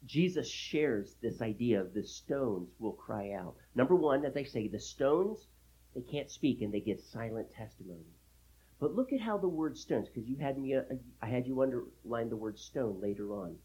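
A man preaching a sermon, emphatic, with big swings in loudness and repeating key phrases for stress. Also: mid-range voice, slightly rough, poor audio. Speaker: pastor.

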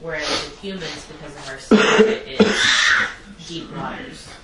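Low-voiced woman in an echoing classroom. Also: a little slow, sharp tone. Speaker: class student. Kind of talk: classroom discussion. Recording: distant, very echoey room with crowd noise.

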